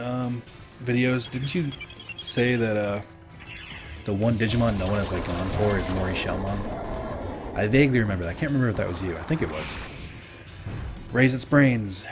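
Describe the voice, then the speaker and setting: Young man, low voice, casual stream chatter, rambling and filler-heavy, music in the background. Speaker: streamer reading chat. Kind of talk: casual gaming stream chat. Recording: game music behind.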